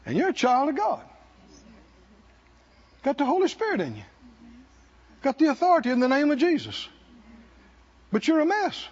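A man preaching a sermon as pastor, calling for responses from the congregation and rising to shouts. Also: extremely high pitch, slightly rough. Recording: dull lo-fi sermon recording.

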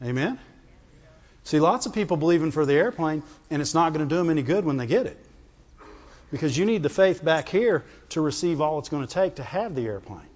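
A man preaching a sermon, lively and emphatic, climbing high when he voices God. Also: a little fast, long reverb tail, muffled recording.

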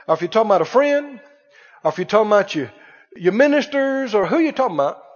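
A man preaching a sermon, swinging between hushed and loud and asking rhetorical questions. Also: high voice, very animated, fast talker. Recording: dull reverberant hall sound.

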